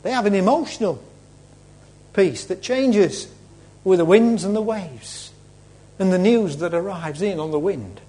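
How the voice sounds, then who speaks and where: A male preacher retelling a story in a sermon, dramatic, swinging between loud and hushed. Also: sits high, expressive, a little slow, long pauses.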